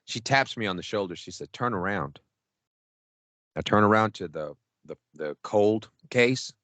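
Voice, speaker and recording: Animated, profane man telling a story. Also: on the low side, normal speed, no echo. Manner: animated, profane, acts out quotes. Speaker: podcast co-host. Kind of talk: casual storytelling chat.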